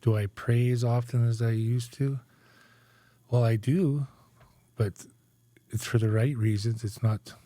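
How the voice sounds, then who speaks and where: A man's voice: medium pitch, steady tone, a little slow, long pauses, mellow, no room sound. A man in his forties from Canada, a guest telling his life story in a candid interview, tagging his sentences with "right?" and "eh?". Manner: conversational, frequent "right?" and "eh?" tags.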